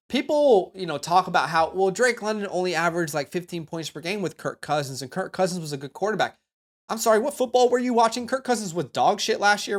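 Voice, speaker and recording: A man's voice: a little high, fairly bright tone. A young man hosting a fantasy football show, rattling off stats emphatically and speaking straight to his viewers. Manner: emphatic, rapid stats delivery with direct asides to viewers. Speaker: fantasy football analyst host. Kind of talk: energetic ranking commentary to camera.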